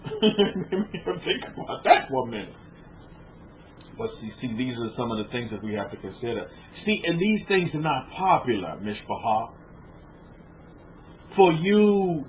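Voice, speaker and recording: Man, rabbi, conversational sermon, rhetorical questions, raised pitch, tinny lo-fi recording. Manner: informal, rhetorical questions to listeners, repeats words. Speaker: rabbi teaching a congregation. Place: room with a small group of about twelve. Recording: tinny phone-like lo-fi with faint noise.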